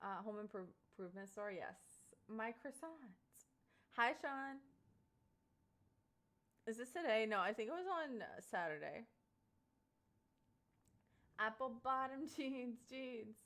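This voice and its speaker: A young woman streaming live, chatting to her viewers in a loose, rambling way. Her voice sits fairly high and swings widely in pitch as she laughs her way through the telling. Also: slow, pauses often. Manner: animated, laughs often, many fillers like "like" and "um". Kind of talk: casual storytelling to chat.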